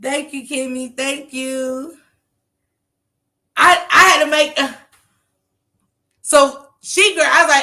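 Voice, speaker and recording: A woman's voice: high voice, unhurried, long pauses, sharp tone. A woman telling a story to her live chat in a casual way, laughing often and acting out what other people said.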